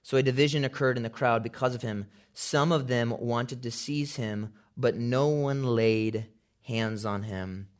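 A man preaching a sermon, building from calm storytelling to loud, shouted climaxes. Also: mid-range voice, unhurried. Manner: preaching with big swells, shouting quotes at climaxes. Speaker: pastor.

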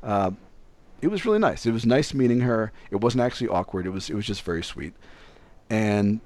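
A man's voice: lowish voice, brisk. A young man telling a casual story, acting out other people's lines as he goes. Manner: animated, acts out other people's voices.

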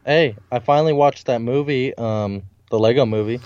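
A man in his twenties co-hosting a casual podcast, laid-back and quick to laugh. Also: medium pitch, a little mellow, dry recording. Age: 20s. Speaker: podcast co-host. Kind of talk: casual beer-drinking podcast banter. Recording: dull lo-fi dry mic.

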